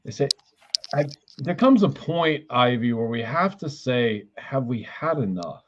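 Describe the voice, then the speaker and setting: A man's voice: medium pitch, big pitch swings, unhurried, slight background noise. A man giving a blunt psychic reading on a livestream, relaying what he says spirits tell him. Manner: blunt, channels messages he says come from spirits; calls in angels and counts quietly under his breath. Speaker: psychic reader and healer. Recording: dull lo-fi stream audio.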